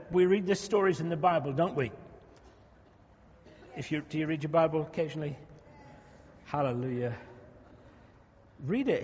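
With a slightly rough voice on the high side, a man delivers a sermon as pastor, chatting with the congregation and slipping in humorous asides. The recording is dull lo-fi audio from a hall with lots of reverb.

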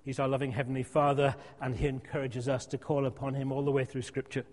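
A man preaching a sermon in a church, emphatic and repetitive, sometimes dropping to a soft hush. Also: medium pitch, flat delivery, fast. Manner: emphatic, repeats phrases, drops to a soft hush. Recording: long hall reverb.

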